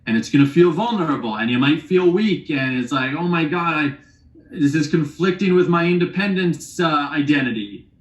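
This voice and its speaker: The room is echoey as this male workshop leader, his voice on the high side and animated, talks at an ordinary pace. His relationship workshop is casual, peppered with teasing rhetorical questions aimed at the audience.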